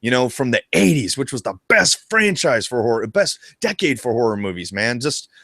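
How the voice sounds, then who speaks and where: A man co-hosting a casual live discussion about a video game, talking in an excitable, profane and animated way. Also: mid-range voice, moderate pace, no room sound, studio quality. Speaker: co-host of a retro gaming show.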